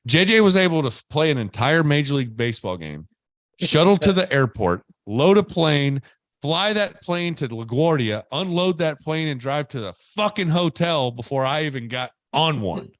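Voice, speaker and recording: A man co-hosting a casual podcast chat, telling stories with lively voices for the people he quotes. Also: on the high side, normal speed, dry recording. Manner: animated storyteller, acts out quoted people. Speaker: podcast co-host.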